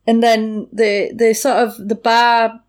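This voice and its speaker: A young woman, chatting casually and acting out characters as she retells a film. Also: a little high. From Britain. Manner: animated, acts out characters with quick voice changes.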